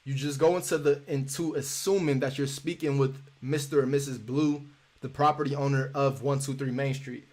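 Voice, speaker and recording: A man's voice: medium pitch, fairly even intonation, moderate pace, darkish tone. A young man teaching a live cold calling lesson in a casual, repetitive way, acting out sample phone calls.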